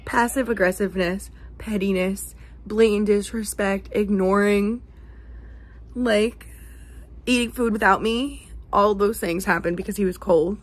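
A woman's voice: fairly even intonation, a little slow. Young woman venting in a vlog. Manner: chatty, profane, venting with big swings in pitch. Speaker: vlogger. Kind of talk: casual vlog chat.

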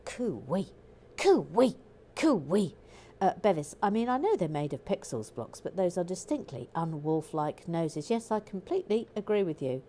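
A woman's voice: lowish voice, animated, normal speed, hardly any pauses, mellow, slight background noise. A woman hosting a livestream, chatting casually and jokily as she reads viewer comments while building. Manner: chatty, jokey, self-interrupting. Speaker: livestream host building a brick set.

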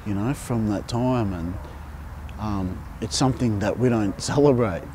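Slow, halting man. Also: fairly low pitch, warm tone, slight background noise. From Australia. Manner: halting, thoughtful, many pauses. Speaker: interviewee. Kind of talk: documentary interview. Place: outdoors by a monument.

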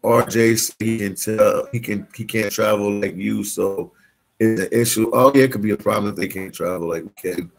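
With a lowish voice carrying some vocal fry and a normal speed, this Dominican Republic vlogger animatedly reacts to viewer comments he reads out during a slangy live stream. The recording is low quality.

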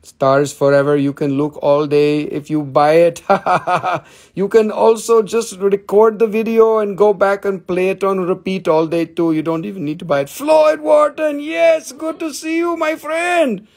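A man's voice: high-pitched, fairly even intonation, unhurried, vocal fry, a little mellow. A man in his forties hosting a live gemstone sales stream, chatting in a playful, rambling, jokey way and swearing casually. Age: 40s.

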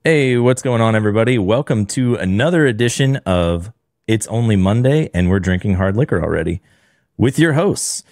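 A man co-hosts a casual podcast with upbeat energy and frequent laughs. His voice sits a little low. The recording is dry and close. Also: expressive, moderate pace, darkish tone, no room sound. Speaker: podcast co-host. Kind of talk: casual chat.

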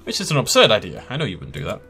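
A fretful, earnest mentor trapped in a bird's feathers, from a video game , voiced by a man reading along. His pitch bounces lively between worry and reassurance, over faint background music. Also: racing, creaky, heavily acted. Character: anxious male mentor cursed into a bird.

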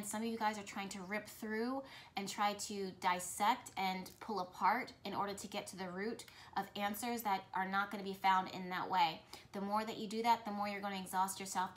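A woman's voice: medium pitch, level tone, a little fast, a bit bright, a little hiss or hum. A woman speaking directly to her viewers as a spiritual reader, talking in a flowing, repetitive, earnest way. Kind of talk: intuitive message talk to camera.

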